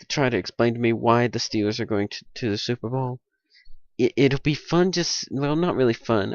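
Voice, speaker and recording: A man talks at a home computer in a loose, rambling monologue, mocking himself and sliding into mock-indignant rants. His voice sits at an ordinary middle pitch. The audio is dry and a little muffled, like a cheap lo-fi mic. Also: no echo. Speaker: video host giving sports picks.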